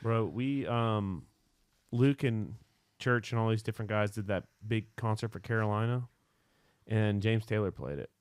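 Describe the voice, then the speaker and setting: A man's voice: lowish voice, moderate pace, clean tone, no room sound. A man hosting a podcast, chatting casually and telling laid-back anecdotes with the odd swear word. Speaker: podcast host.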